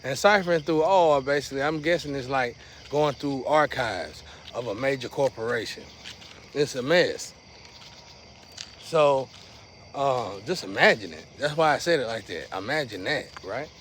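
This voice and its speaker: A man talks straight to his viewers in a loose, rambling monologue full of slang. His voice sits in a middle pitch and keeps surging louder, then dropping low. A faint background noise hums beneath him. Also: lively intonation, normal speed. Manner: rambling, slangy, restless swings in loudness. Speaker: vlogger.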